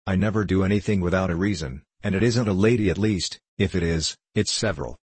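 A man voicing a frivolous, talkative gentleman who makes jokes in a mock-solemn tone in a storybook reading. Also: sits low, brisk, breathy edge, dry recording. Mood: solemn joking. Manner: solemn-toned, joking.

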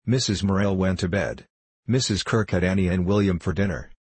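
A man narrating an audiobook novel in a measured, even reading. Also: low-pitched, husky, dry recording. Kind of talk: scripted narration.

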